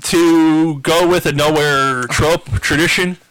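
A man's voice: fairly high pitch, steady tone, slow, a bit bright, rough recording. A man co-hosting a casual podcast, chiming in with short replies and laughing along while they talk about cartoon episodes. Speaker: podcast co-host. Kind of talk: casual chat.

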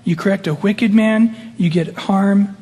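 Middle-aged male pastor, high husky voice, conversational sermon full of laughs and put-on voices, heard in a church hall with long reverb. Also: unhurried, a little mellow. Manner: conversational, laughing asides, acts out quoted voices. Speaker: senior pastor.

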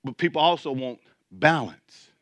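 A man's voice: mid-range voice, lively intonation, moderate pace, fairly bright tone, a little hiss or hum. A male pastor preaching a sermon to his church, in a colloquial, joking way.

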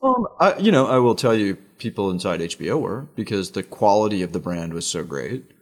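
A middle-aged man with a low, husky voice tells stories as a guest in a conversational interview. His pitch swings widely as he talks, with emphatic asides. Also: fairly quick. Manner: animated storytelling, emphatic asides. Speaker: media executive guest.

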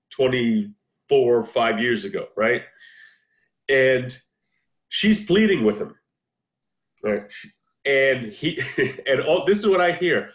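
A man in his forties with a slightly high voice tells stories with lots of energy and frequent laughter. He hosts a loose chat over a video call, and his voice carries a roomy echo. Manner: animated storyteller, laughs often. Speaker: podcast host. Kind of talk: casual chat.

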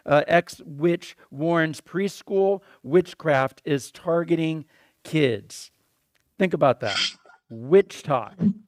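A man's voice: a little high, expressive, drawn-out words, background noise. Rambling Christian talk-show host, man. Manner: rambling, repeats words, exclaims "crazy". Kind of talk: casual conversational preaching.

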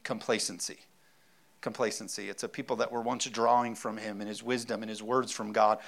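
A man in his thirties preaching a sermon, animated, laughing often and asking the congregation whether they are with him. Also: lowish voice, fairly quick, creaky. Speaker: pastor.

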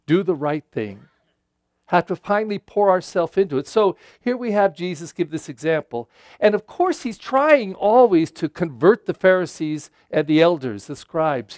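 A man's voice: on the high side, darkish tone, no room sound, clean studio sound. A pastor in his seventies giving a Sunday homily in a conversational, folksy way, with frequent fillers.

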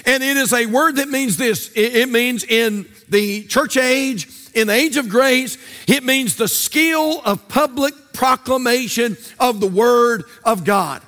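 High-voiced pastor preaching. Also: male voice, unhurried, sharp tone, faint music behind. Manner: sing-song preaching cadence, repeating phrases. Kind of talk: sermon. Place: church sanctuary.

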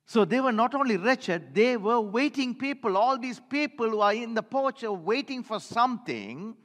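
Guy preaching, high voice, lots of repeating lines back at the church, big hall echo. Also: lively intonation, moderate pace, fairly bright tone. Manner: emphatic, repeats phrases for the congregation. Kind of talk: sermon.

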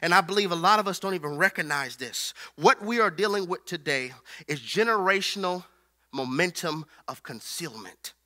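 A male preacher with a very high, piercing voice delivers a sermon. He stacks repeated phrases in a driving rhythm and calls for the congregation to answer him. His tone is bright and edgy. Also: animated, moderate pace. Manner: rhythmic repetition, call and response.

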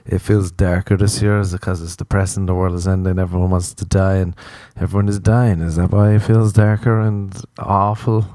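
A man's voice: low voice, little pitch movement, brisk, few pauses, dark tone, no room sound, clean studio sound. A young Irish man hosting a podcast, ranting in a profane, exasperated, sarcastic comic monologue. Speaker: podcast host. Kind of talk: comedic solo podcast rant.

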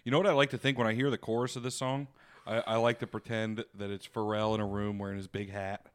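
A man's voice: fairly low pitch, flat delivery, fast. A man co-hosting a podcast, talking in a loose, profane, jokey way. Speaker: podcast co-host. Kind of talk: casual chat.

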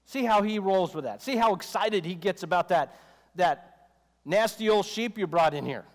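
A man's voice: sits high, moderate pace. A man preaching a sermon in a conversational style, with joking asides and quoted voices acted out. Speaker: pastor. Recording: long reverb of a hall.

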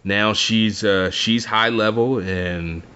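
A man's voice: fairly low pitch, slow pace, smooth. A man co-hosting a casual chat, animatedly recapping a book and acting out lines from it. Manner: animated retelling, acts out characters' lines. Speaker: podcast co-host recapping a book. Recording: dull lo-fi audio.

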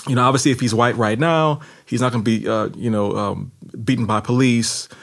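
A man's voice: mid-range voice, steady tone, fairly quick, gravelly, fairly bright tone. A middle-aged man, a novelist, speaking thoughtfully in an interview with some restarts. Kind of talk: interview conversation.

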